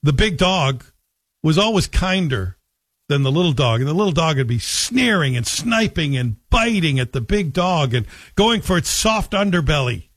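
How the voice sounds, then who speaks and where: A man's voice: a little high, lively intonation, moderate pace, a bit bright, no echo. A man hosting a radio talk show, delivering a combative, sarcastic opinion monologue from a studio. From Canada. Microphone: studio microphone.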